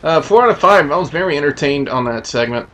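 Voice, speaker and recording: A man's voice: a little high, lively intonation, fast talker, a bit bright, soft background music. A man giving a casual, rambling review of a wrestling show and rating each segment out of five, with lots of "uh" and "you know". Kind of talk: casual spoken review with scores.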